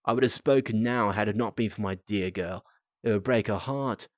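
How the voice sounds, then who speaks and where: A man's voice: fairly low pitch, moderate pace, dry recording, studio quality, lightly acted. A man voicing a grim, dying old man with a put-on Australian accent, in a storybook reading. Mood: grave.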